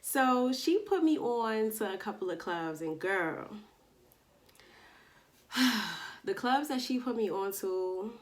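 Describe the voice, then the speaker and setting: A woman tells a casual storytime to her camera, her delivery slangy and animated. She slips into the voices of the people she's quoting as she goes, in a plain middle register. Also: medium pitch, takes it slowly, pauses often. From Long Island, New York. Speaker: vlogger. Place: indoors at home, daytime.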